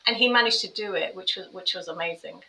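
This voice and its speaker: A middle-aged woman, a carer, telling her life story in an interview, animated and quick when she describes a scene. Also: fairly low pitch, distant mic. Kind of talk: personal storytelling in conversation. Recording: roomy echo, voice a bit off-mic.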